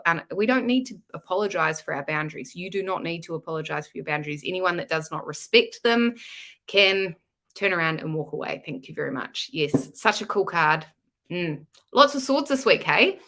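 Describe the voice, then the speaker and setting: Woman doing tarot readings on a live stream, bright voice, pitched on the low side, super casual and swears a lot. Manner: chatty, casual and frank, swearing freely. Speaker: tarot reader.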